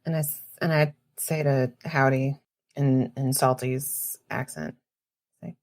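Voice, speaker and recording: Casting: a female player in an audio tabletop game, deep voice with vocal fry, plain and direct. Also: flat delivery, measured pace, a little mellow.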